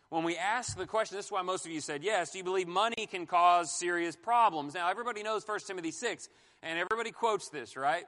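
A man in his forties teaching a Bible class on marriage, animated, asking the room questions and joking. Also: sits high, big-room sound. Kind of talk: sermon-style Bible teaching.

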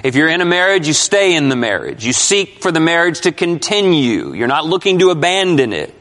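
Guy preaching in a church, kinda high voice, big hall echo, presses his points hard. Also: very animated, brisk, fairly bright tone. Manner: emphatic, questions the congregation. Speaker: pastor. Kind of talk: expository sermon. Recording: long hall reverb.

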